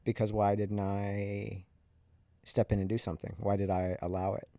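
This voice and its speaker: A man's voice: on the low side, flat delivery, normal speed, dark tone, dry recording. A man in his thirties, a podcast host, candidly and reflectively telling a personal story in a conversational way.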